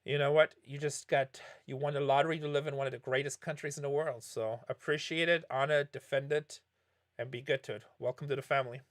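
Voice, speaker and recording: A fast-talking middle-aged man with a mid-range voice and fairly even intonation streams poker and fields viewer questions. He rambles casually, telling stories and correcting himself often.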